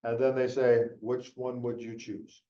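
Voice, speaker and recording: A middle-aged man presents a rambling, conversational keynote at a conference, peppered with fillers and false starts. His mellow, medium-pitched voice shows little pitch movement and keeps a measured pace, recorded distantly in an echoey room that muffles the sound.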